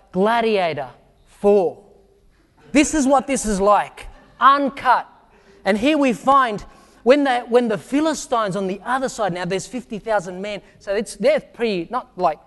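A man preaching a sermon, acting out Bible scenes with shouts and asking the congregation questions. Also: sits high, in a large hall. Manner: asks the congregation direct questions.

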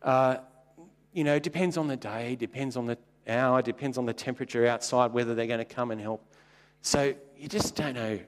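A pastor delivers a sermon in a mid-pitched male voice. He tells wry, anecdotal stories and leaps upward in pitch to land a twist or a joke. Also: normal speed, big-room sound. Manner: wry, anecdotal storytelling with sudden jumps in pitch.

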